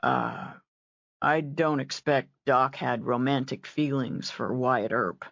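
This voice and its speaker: A taciturn cowboy speaks in short, low, lazy phrases, as a woman narrator takes him on. The voice sits deep and dark on a dull, dry recording. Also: slow pace, creaky, no echo, full character voice. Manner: terse, drawling, low. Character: laconic man, mimics gravelly film voices.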